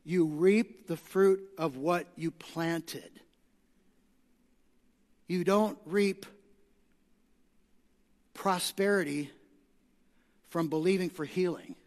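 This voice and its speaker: A man preaching a sermon emphatically, hammering points in repeated lists and rising to shouts. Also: a little high, very slow, long pauses. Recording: long reverb of a large hall.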